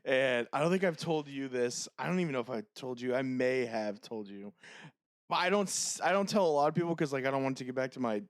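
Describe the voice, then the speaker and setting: A man co-hosting a podcast, telling stories in casual chat with frequent laughter and dark jokes. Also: medium pitch, lively intonation, fast talker, no echo, clean studio sound. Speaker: podcast co-host.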